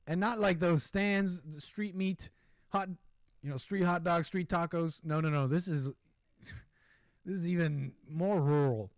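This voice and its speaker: A man hosting a casual livestream, chatting loosely with his viewers and reacting to a video in an animated, rambling way. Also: a little high, measured pace. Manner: animated, rambling, talks to chat, mock-singing asides. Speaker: livestream host. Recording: music playing behind the voice.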